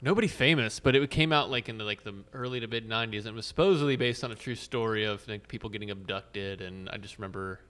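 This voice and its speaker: A man co-hosting a podcast, chatting casually with quick teasing questions. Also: lowish voice, fairly bright tone, clean tone. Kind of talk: casual chat.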